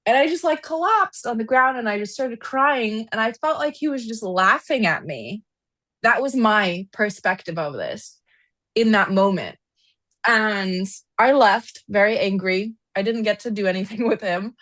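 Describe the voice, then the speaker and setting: Recounting a personal story on a podcast, this woman, an equine therapist, is an expressive storyteller who leans heavily on "like," her pitch climbing as she relives moments of anger. She speaks unhurriedly in a middle register, and the casual interview recording is close and dry, with no room around it.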